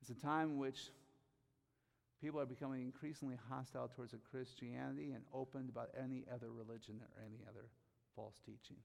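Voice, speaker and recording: A man preaching a sermon, reading scripture slowly and rising to loud emphatic bursts on key phrases. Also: mid-range voice, fairly even intonation, creaky, in a large hall. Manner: reads scripture aloud slowly.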